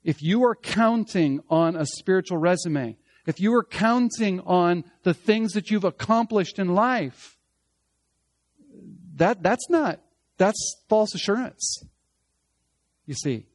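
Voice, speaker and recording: A man preaching a sermon as pastor, swinging from emphatic loud passages to hushed, slow lines. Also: sits high, expressive, dry recording.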